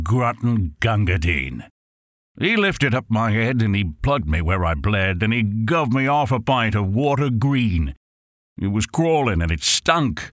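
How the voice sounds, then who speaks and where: A man giving a dramatic poetry recitation, swelling loud on the refrains and dropping low on the ends of lines. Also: no room sound, studio quality. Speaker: poetry reader.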